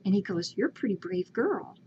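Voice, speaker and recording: A woman's voice: mid-range voice, expressive, brisk, darkish tone, a little hiss or hum. A woman animatedly retelling a story in casual chat, laughing often. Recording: lo-fi home video with faint ambience.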